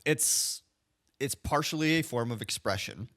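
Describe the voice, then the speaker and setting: A man co-hosting a podcast in casual chat, explaining his views in a measured way. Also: mid-range voice, lively intonation, a bit bright. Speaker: podcast co-host.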